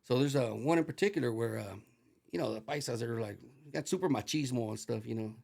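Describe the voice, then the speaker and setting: Middle-aged male guest, animated storyteller, gravelly and quick. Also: mid-range voice. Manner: profane, animated, acts out dialogue with Spanish phrases. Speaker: interview guest. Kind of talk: casual storytelling.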